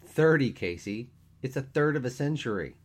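A man's voice: mid-range voice, expressive, moderate pace, pitched above the performer's own voice, close to an everyday voice. A man voicing a self-pitying, theatrical man of thirty who complains in an overdramatic way in a storybook reading. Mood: worked up.

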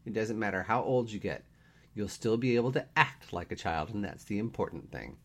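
A man playing a deadpan, teasing guy in his thirties, dry and wry with his friend. The voice is lowish with lively swings in pitch in a read-aloud story. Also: a little fast.

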